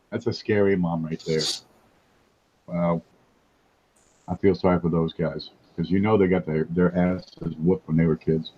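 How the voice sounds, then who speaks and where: A man's voice: deep voice, muffled recording. A man hosting a casual livestream chat, wisecracking and joking as he talks. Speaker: host.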